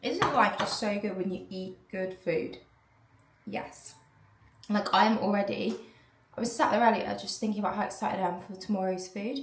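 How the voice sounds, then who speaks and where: A woman's voice: mid-range voice, normal speed, very echoey, a little hiss or hum. A woman, chatting casually to camera in a vlog, rambling with lots of "like". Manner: chatty, rambling, heavy use of "like". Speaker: vlogger.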